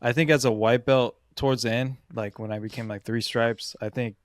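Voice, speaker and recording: A man co-hosting a podcast, telling gym stories in casual chat, animated, swearing and acting out quotes. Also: mid-range voice, moderate pace, dry recording, clean studio sound. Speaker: podcast co-host.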